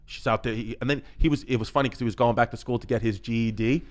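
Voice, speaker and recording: A man's voice: mid-range voice, quick pace. A man with a New York accent, telling raunchy stories on a podcast and acting out the people in them. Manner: animated, crude, acts out voices in his stories. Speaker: comedian guest. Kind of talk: podcast storytelling.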